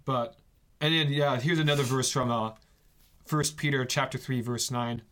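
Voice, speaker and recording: A man hosts a relaxed faith podcast and chats casually with a guest. His voice sits in a middle pitch. He jokes a lot and drops quick asides between his points. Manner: jokey and laughing, quick asides. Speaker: podcast host.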